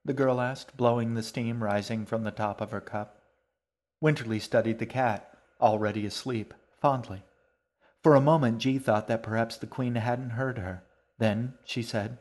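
A man narrating a storybook in a calm, even reading voice. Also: medium pitch, normal speed.

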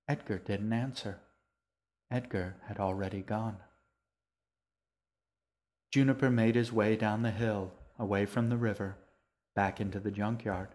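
A man reading his own novel aloud as the narrator, in slow, measured scripted narration. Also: lowish voice, fairly even intonation, a little mellow. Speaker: author and narrator.

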